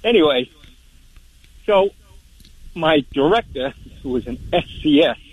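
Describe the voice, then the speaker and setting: A man's voice: a little high, lively intonation, measured pace, slightly rough, narrow, tinny audio. A man in his seventies calling into a radio show, emphatically complaining about how he was treated. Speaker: caller. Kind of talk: call-in radio chat.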